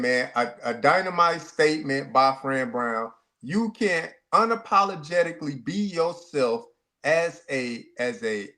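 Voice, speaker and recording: A man's voice: fairly high pitch, a bit bright. A man co-hosting a sports talk show, speaking emphatically and often repeating and restarting his words.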